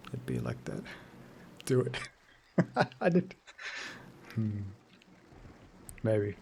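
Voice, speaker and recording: A man's voice: on the low side, huge pitch swings, extremely slow, gravelly, dark tone, a little hiss or hum. Joking man streaming a horror game. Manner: loose, joking, sweary, talks to chat between game moments. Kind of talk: casual live-stream chat while playing.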